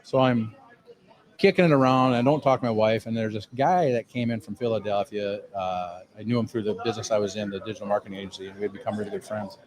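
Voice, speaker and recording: A middle-aged man who owns a cigar lounge, telling his story in an animated, casual way on a podcast and acting out the dialogue he quotes. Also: lowish voice, fast talker, crowd noise, rough recording. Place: cigar lounge with people around.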